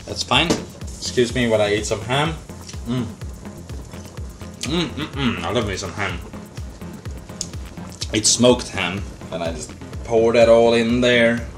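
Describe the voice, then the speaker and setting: A man's voice: mid-range voice, slow pace, pauses often, music in the background. A young man hosting a casual improvised cooking demo, rambling goofily between steps. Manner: goofy, rambling, slips into silly voices and chants. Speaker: cooking show host.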